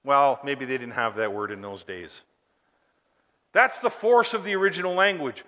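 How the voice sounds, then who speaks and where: A male preacher delivering a sermon, emphatic and full of rhetorical questions, swinging between loud and hushed delivery in a church. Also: mid-range voice, animated, fairly quick, big-room sound.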